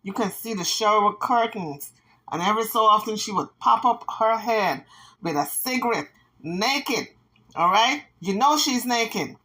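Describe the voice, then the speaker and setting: A woman's voice: medium pitch, expressive, a little slow, sharp tone, poor audio. A woman vlogger giving casual gossip commentary, dramatic and playful, with sassy asides.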